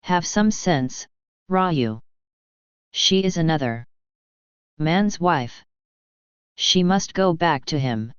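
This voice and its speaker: Narrator reading firm old mother, storybook, very slow, crisp, dry dull sound. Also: medium pitch, expressive, no room sound. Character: stern elderly Indian mother, calm and firm. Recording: slightly dull, dry recording.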